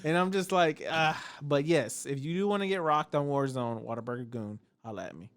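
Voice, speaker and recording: Animated man on a podcast, higher voice. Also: a little fast, clear, resonant tone. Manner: animated storyteller, acts out voices with big pitch jumps; laid-back, swears freely. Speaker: podcast co-host. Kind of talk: casual chat.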